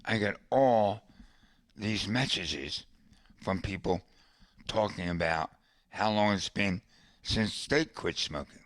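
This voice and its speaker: Low-voiced man telling stories, unhurried. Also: fairly bright tone, no room sound. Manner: conversational, colorful storyteller with asides. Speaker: podcast host. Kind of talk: casual storytelling monologue.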